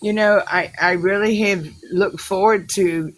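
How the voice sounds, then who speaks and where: A woman's voice: mid-range voice, fairly even intonation, unhurried, rough recording. Rambling, emotional woman. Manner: rambling, emotional, many fillers and restarts. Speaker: class participant. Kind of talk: casual chat on a group call.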